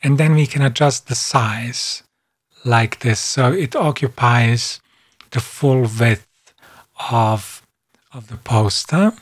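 A man calmly narrating a screen-recorded software tutorial, step by step. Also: medium pitch. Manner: calm, step-by-step, unhurried. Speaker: software instructor.

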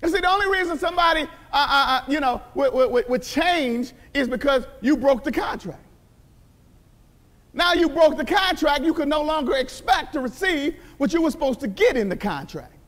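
A pastor preaching a sermon in a church, emphatic and repetitive, often crying out hallelujah. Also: male voice, very high-pitched, animated, normal speed, fairly bright tone, long reverb tail. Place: church sanctuary.

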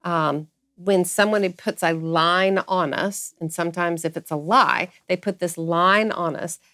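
A woman hosting a podcast discussion, speaking earnestly and slowing down to stress key phrases. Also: on the low side, steady tone, a bit bright, no room sound, clean studio sound. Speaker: host.

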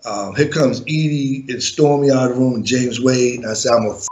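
A man's voice: mid-range voice, fairly even intonation, moderate pace, darkish tone, a little hiss or hum. Blunt, profane man telling a story. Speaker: former music manager. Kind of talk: storytelling interview.

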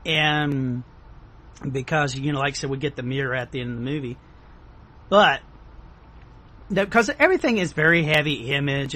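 A man's voice: on the high side, moderate pace, long pauses, sharp tone. A man hosting a casual film review chat, rambling with lots of hedging fillers. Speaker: podcast host reviewing a film.

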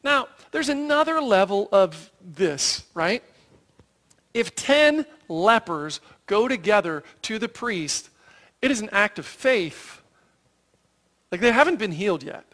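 Animated preacher with a lively, swooping voice. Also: slow. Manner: animated storytelling with rhetorical questions and frequent "right?"; acts out quoted voices in a raised pitch. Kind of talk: sermon.

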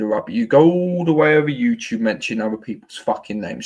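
A man's voice: mid-range voice, moderate pace. A man on a livestream, ranting angrily, swearing, taunting and threatening.

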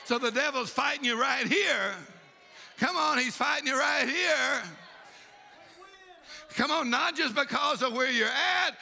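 A man preaching a fiery sermon, shouting and exhorting with repeated rallying calls. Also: extremely high pitch, a little slow, vocal fry, pauses often. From Texas. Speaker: pastor. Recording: reverberant church hall.

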